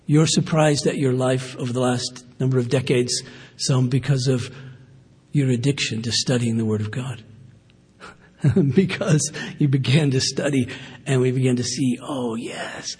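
A man's voice: mid-range voice, husky. A man preaching a sermon in a conversational, earnest way, with fillers and asides. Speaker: pastor. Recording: long hall reverb.

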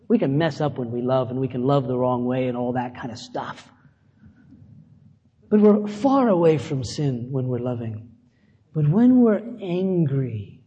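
A man's voice: on the high side, mellow, slightly rough, long reverb tail. A middle-aged male pastor preaching a conversational sermon, mixing scripture with self-deprecating asides.

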